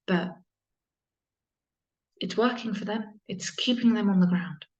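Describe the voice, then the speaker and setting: A woman with a lowish voice gives an earnest inspirational talk as a spiritual mentor. She circles back, repeats phrases and restarts sentences, leaning into soft breathy emphasis. The sound is dull and lo-fi.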